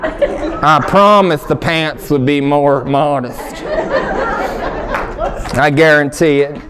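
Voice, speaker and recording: A young man doing stand-up comedy, animated and quick to jump into loud, high shouted bits. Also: some chatter behind, poor audio.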